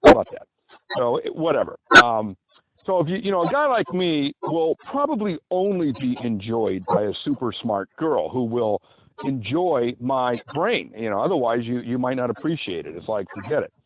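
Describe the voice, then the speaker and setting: A man's voice: mid-range voice, very animated, normal speed. A middle-aged man from the USA hosting a podcast, giving dating advice in a rambling, boastful, lecturing monologue. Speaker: podcast host. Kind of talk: casual monologue. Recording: tinny phone-line sound with faint noise.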